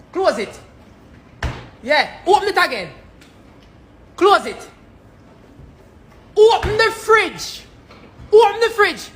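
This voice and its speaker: A woman's voice: very high-pitched, fairly bright tone. A woman playing a nagging Jamaican mom. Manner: repetitive scolding, teasing. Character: exasperated Jamaican mother nagging her son.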